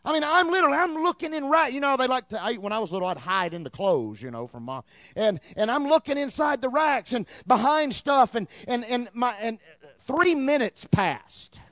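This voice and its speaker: A man in his thirties preaching a sermon in church, telling a story in an animated way and repeating words as he gets excited. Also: extremely high pitch, moderate pace, no room sound, clean studio sound. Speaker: pastor.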